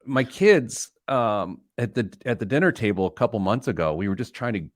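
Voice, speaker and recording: A middle-aged man hosts a casual radio chat. His voice sits fairly low, and his pitch jumps around animatedly. He rambles and pokes fun at himself. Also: expressive, moderate pace, dry recording, studio quality. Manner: self-deprecating, rambling. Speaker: radio show host.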